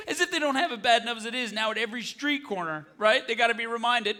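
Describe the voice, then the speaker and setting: A man doing stand-up comedy on a large theater stage, talking in an animated way and jumping into high squealing impressions, with audience laughter behind him. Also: fast, hardly any pauses.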